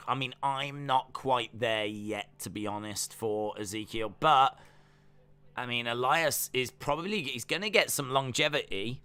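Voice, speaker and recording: A man's voice: mid-range voice, slow, sharp tone, clean tone. A man hosting a wrestling watch-along stream, chatting and musing aloud as he reacts. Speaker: stream host.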